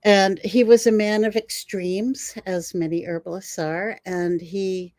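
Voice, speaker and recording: An older woman, a guest herbalist, telling animated stories in an interview and laughing often. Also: mid-range voice, measured pace, dry recording. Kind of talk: storytelling in an interview.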